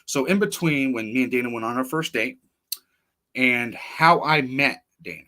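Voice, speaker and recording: A man's voice: medium pitch, expressive, moderate pace, sharp tone. Profane, rambling man on a stream. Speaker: livestream host. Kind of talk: casual personal monologue.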